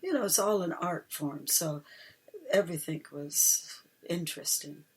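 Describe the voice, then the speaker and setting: A woman's voice: low voice, measured pace, crowd noise, rough recording. A woman from Canada, a guest who chats in a reflective way with many fillers. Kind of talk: casual conversation.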